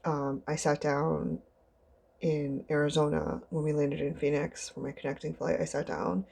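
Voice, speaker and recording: Young female vlogger, gravelly low voice, rambling chatty delivery with squealed impressions. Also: steady tone, moderate pace, darkish tone. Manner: chatty, rambling, acts out others in high squeals. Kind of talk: casual storytelling vlog.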